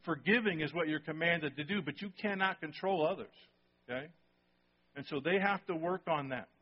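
A man's voice: a little high, normal speed, highs cut off, a little hiss or hum. A male pastor preaching a sermon in church. He talks conversationally to the congregation and keeps checking in with "okay?" and "right?".

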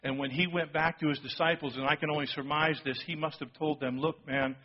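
Animated man preaching a sermon, lo-fi. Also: on the high side, fast talker. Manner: animated storytelling, acting out quotes, dropping to a hush for emphasis. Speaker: pastor.

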